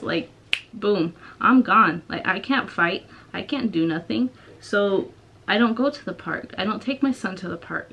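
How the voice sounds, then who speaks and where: A woman's voice: mid-range voice, a bit bright, a little hiss or hum, low-quality recording. A young woman vlogging from home, talking in a hesitant, rambling way with many restarts. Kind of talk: personal confessional vlog.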